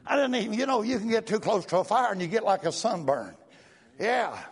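A man's voice: sits high, big pitch swings, a little fast, a little hiss or hum. An older man preaching a fervent revival sermon in a church. He speaks in rhythmic bursts and puts an "uh" before nearly every phrase. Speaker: guest preacher.

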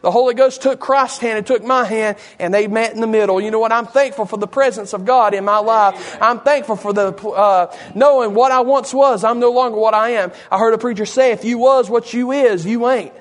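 High-voiced preacher man, folksy sermon, keeps checking in with the congregation. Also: a little fast, few pauses, a bit bright. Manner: folksy, with repeated asides to the congregation.

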